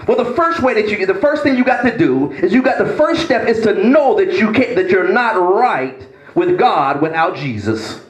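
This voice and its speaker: A male pastor preaches in a high, animated voice, swinging between a low hush and raised emphasis. His sermon rings through an echoey church sanctuary. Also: normal speed, few pauses.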